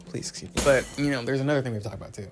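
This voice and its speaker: A young man ranting through a casual pop-culture commentary, theatrical and profane, swinging between muttering asides and loud outbursts. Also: medium pitch, racing, music in the background. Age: young adult. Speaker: commentary vlogger.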